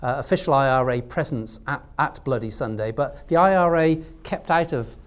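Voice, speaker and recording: A man speaks at an academic panel about poetry in a halting, thoughtful way. He fills his sentences with ums and repeated words while his voice stays at a middling pitch. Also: smooth. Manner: hesitant, with many fillers and restarts. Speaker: literary scholar speaking on a panel. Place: lecture room at a university event.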